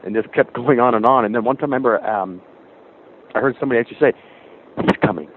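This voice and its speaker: A man calling in to a radio show who rambles through his story in an animated way. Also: mid-range voice, rapid-fire. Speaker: caller. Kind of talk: call-in storytelling. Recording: phone line with faint hiss.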